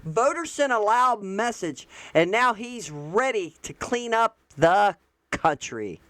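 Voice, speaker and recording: A woman's voice: mid-range voice, very animated, takes it slowly, fairly bright tone. A woman hosting casual political commentary, blunt and exclamatory with folksy asides. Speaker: host.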